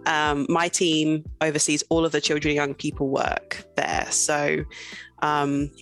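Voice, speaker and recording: A young adult woman, a guest in a casual interview, talking in a lively way and laughing often. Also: deep voice.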